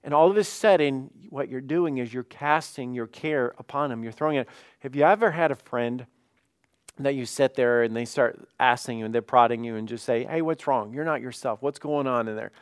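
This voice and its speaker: A man's voice: medium pitch, normal speed, smooth, dry recording, studio quality. A man preaching as lead pastor, talking conversationally and acting out honest prayers and everyday dialogue with rising emphasis. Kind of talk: sermon.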